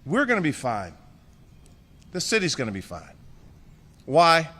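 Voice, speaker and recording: A man's voice: a little high, wildly swooping pitch, measured pace, pushed and bright, long reverb tail. A man giving a concession speech as outgoing mayor. He jokes and thanks people by name with affection.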